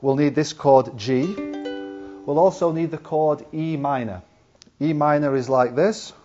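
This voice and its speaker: A fairly high-pitched man with a warm, steady tone teaches ukulele at a measured pace, explaining each step patiently and counting beats aloud as he plays. Soft music and ukulele sit in the background of this slightly dull, lo-fi video recording.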